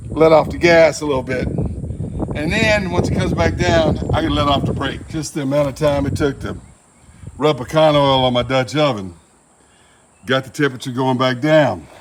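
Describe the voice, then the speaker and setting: A man with a fairly high voice, heard over background noise, hosts a barbecue channel. He gives a casual cooking demonstration at an outdoor grill, tossing in folksy jokes along the way.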